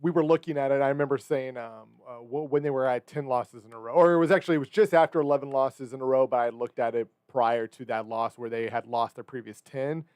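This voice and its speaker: A man's voice: medium pitch, steady tone, fast, hardly any pauses, a little mellow, clean tone, no room sound, studio quality. A man co-hosting a sports talk radio show, joking and rambling as he corrects himself mid-sentence. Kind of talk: casual sports radio banter.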